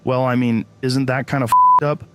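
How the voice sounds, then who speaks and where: A man's voice: medium pitch, huge pitch swings, moderate pace. Sarcastic, foul-mouthed male sketch host. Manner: sarcastic, profane, mock-serious. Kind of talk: comedic interview sketch.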